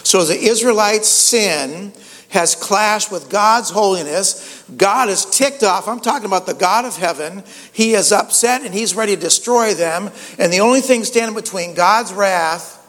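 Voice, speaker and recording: A man's voice: sits high, expressive, measured pace, a bit bright, in a large hall. A pastor preaching a conversational sermon, often repeating words and saying "you know" as he goes.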